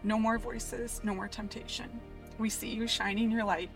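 A woman's voice: a little high, steady tone, moderate pace, creaky. Woman, reading a letter aloud, heartfelt and tender, inside a van, faint music underneath. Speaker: church staff member.

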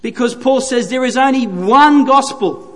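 A man's voice: extremely high pitch, normal speed. A man preaching a sermon, earnest and emphatic, repeating phrases for stress. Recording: reverberant hall.

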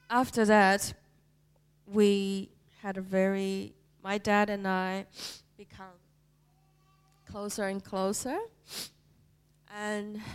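Slow, halting woman sharing a testimony. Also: medium pitch, clear, resonant tone. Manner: halting, heartfelt, with many pauses and fillers. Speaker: church member sharing a testimony. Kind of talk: personal faith testimony.

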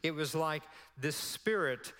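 A man's voice: a little high, takes it slowly, pushed and bright. A male pastor telling a story in a sermon, acting out the dialogue as he goes. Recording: long hall reverb.

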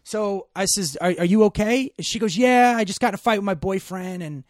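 A middle-aged man telling a story in casual chat, animated and profane, getting loud when worked up. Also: high-pitched, a little fast, no echo, clean studio sound.

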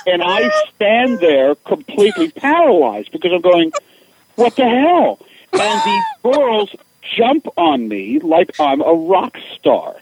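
A man's voice: sits high, slow, creaky, slight background noise, rough recording. A middle-aged man telling funny stories as a guest, acting out other people's voices as he goes. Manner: animated, acts out voices in anecdotes. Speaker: guest, author. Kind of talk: casual storytelling.

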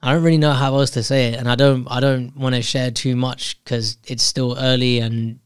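A man's voice: mid-range voice, level tone, normal speed, clear, resonant tone, no echo, clean studio sound. A man in a casual, candid monologue telling a personal story, reflecting on himself and often restarting his sentences.

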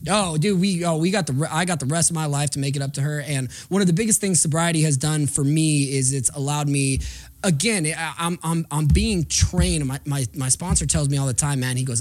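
A man's voice: on the high side, fast. A man in his thirties telling his own stories in casual chat, candid and blunt, swearing often, with frequent restarts.

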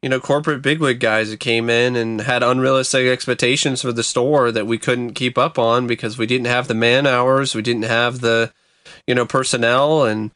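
A man's voice: mid-range voice, fairly even intonation, normal speed, fairly bright tone, dry recording. A man co-hosting a casual podcast chat, rambling and hedging with many restarts. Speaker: podcast co-host.

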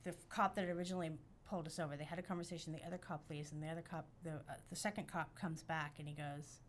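A woman on a podcast telling a story in casual chat, animated and profane, acting out the quotes. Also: low voice, quick pace, slight background noise. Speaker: podcast guest.

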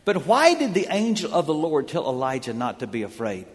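A man's voice: a little high, huge pitch swings, fairly quick, in a large hall. A man preaching a sermon, telling the story with dramatic energy in a church sanctuary. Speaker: pastor.

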